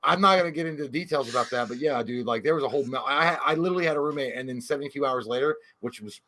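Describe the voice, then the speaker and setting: A man's voice: mid-range voice, rapid-fire, pushed and bright. A man co-hosting a casual movie podcast, swearing constantly and joking about his childhood. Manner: crude, swears a lot, mimics his mom. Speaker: podcast co-host. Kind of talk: casual chat.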